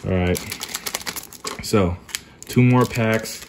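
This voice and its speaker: A young man talking casually while unboxing trading cards at home, keeping his voice low and calling himself monotone. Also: very slow, noisy background. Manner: kept low and subdued, calls himself monotone. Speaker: card collecting YouTuber. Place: apartment at home.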